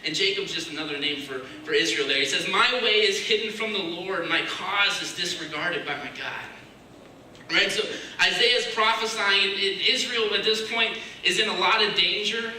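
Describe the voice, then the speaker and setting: A man giving a casual, searching sermon, dropping to a hushed voice when he voices other people's prayers. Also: sits high, normal speed. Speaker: preacher. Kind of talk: conversational sermon. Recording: echoey room, mic far off, faint hiss.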